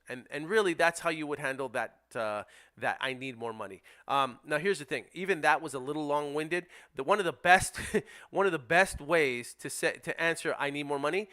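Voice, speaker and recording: Bright-voiced man coaching sales scripts. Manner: emphatic, role-plays seller scripts with dropping pitch. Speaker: real estate wholesaling coach. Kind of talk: instructional presentation.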